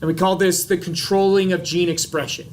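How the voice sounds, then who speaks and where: A man's voice: high-pitched, flat delivery, brisk, slight background noise. A man giving a classroom biology lecture in a chatty, casual way, with jokey asides and frequent checks of "right?".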